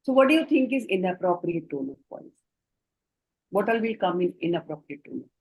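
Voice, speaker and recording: A woman's voice: fairly low pitch, big pitch swings, a little fast, a little mellow, poor audio. Indian woman giving an earnest training lecture. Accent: Indian English. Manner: earnest, explanatory, addresses trainees directly.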